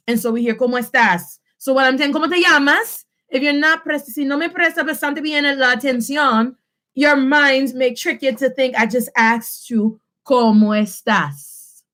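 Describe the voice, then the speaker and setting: A woman teaching a Spanish lesson, switching between English and Spanish and slowing down to stress key phrases. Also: a little high. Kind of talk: classroom lesson.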